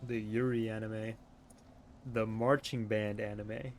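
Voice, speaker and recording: A man's voice: on the low side, flat delivery, slow, a little hiss or hum. A young man streaming a game, chatting casually with viewers in a joking, offhand way and laughing often. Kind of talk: casual chat reading viewer messages.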